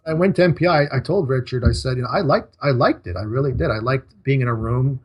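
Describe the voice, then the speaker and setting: Husky-voiced man, emphatic. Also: medium pitch, fast talker. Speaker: guest. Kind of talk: casual interview talk.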